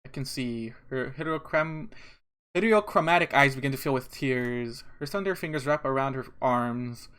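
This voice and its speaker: A young man playing a visual novel, reading the text aloud and breaking off into animated, exasperated commentary with repeated phrases and laughs. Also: mid-range voice, normal speed, clear, resonant tone. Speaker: let's play streamer.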